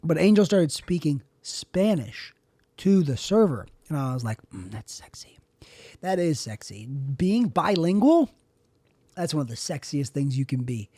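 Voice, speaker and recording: A man rambles through a comic solo monologue, drifting from one tangent to the next and ribbing himself as he goes. His voice sits slightly high for a man but stays mellow and soft-edged. The sound is close and dry, with no room around it. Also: expressive, a little slow, no room sound. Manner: rambling, self-deprecating, jokey digressions. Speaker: podcast host.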